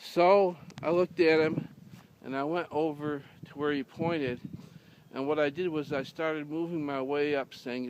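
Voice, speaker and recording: A man's voice: fairly high pitch, fairly even intonation, normal speed, slight background noise. A man telling a rambling humorous story in a dry, casual way, with many fillers and restarts. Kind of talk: casual deadpan anecdote telling.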